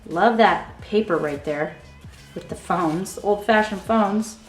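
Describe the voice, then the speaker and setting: A woman hosting a craft tutorial, walking through her handmade album with excited, gushing talk and a frequent "okay?". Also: mid-range voice, slow pace. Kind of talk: enthusiastic product walkthrough. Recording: echoey room with soft background music.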